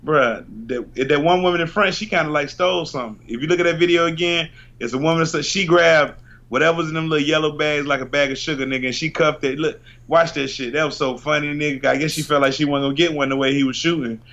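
A man's voice: fairly high pitch, steady tone, fast talker, fairly bright tone, muffled recording. A man co-hosting a podcast, talking in a laid-back, profane, laughing way. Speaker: podcast co-host. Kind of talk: casual chat.

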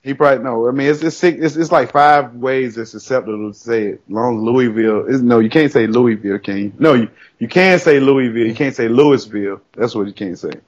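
A man's voice: medium pitch, brisk, few pauses, lo-fi sound. A man co-hosting a casual podcast, playful and laughing, repeating words for comic effect. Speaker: podcast co-host.

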